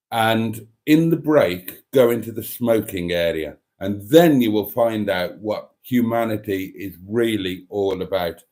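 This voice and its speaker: A man's voice: medium pitch, dark tone. A man from Britain hosting a live stream, chatting casually and rambling between jokes. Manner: rambling, jokey, theatrical.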